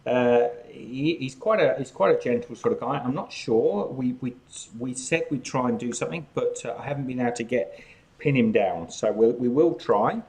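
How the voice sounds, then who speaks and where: A man's voice: medium pitch, moderate pace, darkish tone. An outgoing Australian man hosting a casual live chat, talking while snacking. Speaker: cooking channel host.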